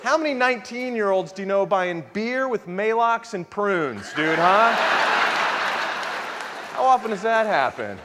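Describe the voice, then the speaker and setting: A man's voice: high voice, lively intonation, unhurried, noisy background. A man in his thirties performing a stand-up routine on a club stage, with a wry, self-mocking, punchy delivery. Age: 30s. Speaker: stand-up comedian. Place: live comedy club stage. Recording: live club recording with roomy reverb and crowd. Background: audience laughter and applause.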